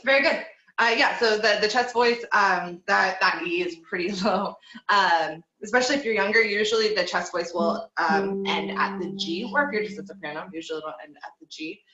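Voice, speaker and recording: A woman runs a group singing lesson over a video call, calm and encouraging, often pausing on fillers. Her voice is bright and clear-toned. The sound comes from an echoey room, slightly dull, with faint music underneath. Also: medium pitch. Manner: encouraging, relaxed coaching with frequent fillers. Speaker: voice teacher.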